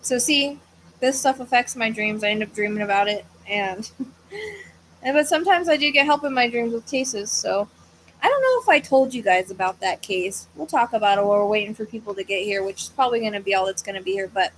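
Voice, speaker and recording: Home with a fan running, a woman with a voice on the high side hosts a psychic medium livestream. She chats casually but sounds tired and hesitant, rambling with many fillers and yawning at times. The audio is poor, with a little hiss or hum.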